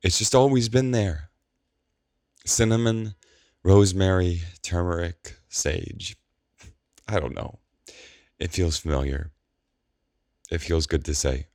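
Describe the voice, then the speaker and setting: A man's voice: deep voice, big pitch swings, measured pace, pauses often, dry recording, clean studio sound, voice pushed up, heavily acted. A man doing a tearful, shaky young woman. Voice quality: breathy, tearful. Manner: shaky, pleading.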